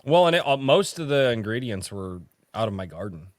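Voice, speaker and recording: A man's voice: medium pitch, big pitch swings, brisk, dry recording. A man hosting a casual livestream chat, rambling with frequent restarts and casual swearing. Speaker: podcast host.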